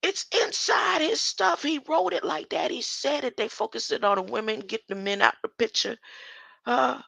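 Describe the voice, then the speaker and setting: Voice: sits high, normal speed, creaky, pushed and bright, husky, no echo. An older speaker in a rambling solo monologue who reads scripture verses aloud, argues with them, laughs often and keeps asking "huh?". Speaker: self-styled scripture commentator.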